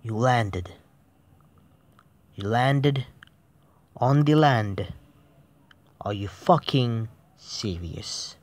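A frustrated mobile game player comments on a phone game in a dry recording, swearing constantly. His medium-pitched voice has lively intonation and moves very slowly with long pauses, swinging between muttered whispers and sudden yelps.

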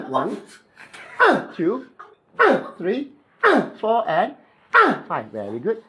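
A chiropractic therapist with a Malaysian English accent, instructing a client in clipped, playful phrases during treatment and mimicking cracking sounds. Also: male voice, sits high, huge pitch swings, very slow, fairly bright tone, slight background noise.

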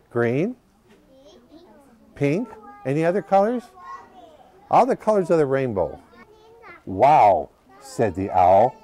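At a library storytime, a man with a mid-range, dark-toned voice reads a picture book to children. He pauses patiently throughout to ask them questions.

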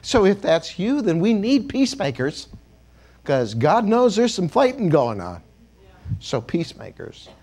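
A man preaching in a church with a high, lively voice that swings up and down. He jokes with the congregation and has them repeat key words after him. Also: a little slow. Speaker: bishop. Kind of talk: sermon.

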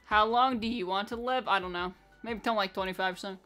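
A woman's voice: medium pitch, fast, sharp tone. Profane, blunt woman streamer with faint music. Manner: profane, blunt and teasing, with a lot of filler "like". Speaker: live streamer. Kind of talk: casual live-stream chat, reacting to viewer messages.

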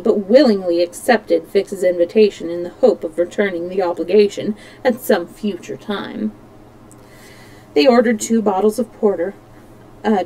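A woman storyteller reads a classic novel aloud at an even, measured pace. Her voice sits at an ordinary middle pitch, and she stumbles now and then and simply corrects herself. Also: poor audio. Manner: steady, measured, with small slips and self-corrections.

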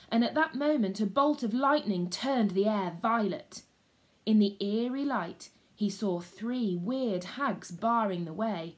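A woman teacher, reading a story aloud to a class and pausing to explain it casually. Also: mid-range voice. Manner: slow, expressive storytelling with casual asides.

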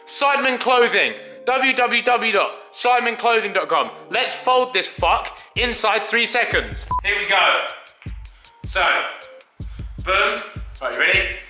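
A young man with a very bright, fairly high voice, talking brashly through his vlog. The room is echoey. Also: lively intonation, measured pace, faint music behind. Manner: brash, swearing, playful countdowns. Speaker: YouTuber. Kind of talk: casual vlog commentary.

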